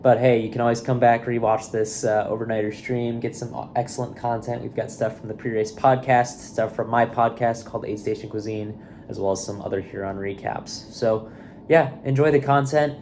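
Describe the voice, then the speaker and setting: A man hosting a stream, giving a relaxed recorded announcement, a little tired. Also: medium pitch, normal speed, slight background noise. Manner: relaxed, loose, with fillers. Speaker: stream and podcast host.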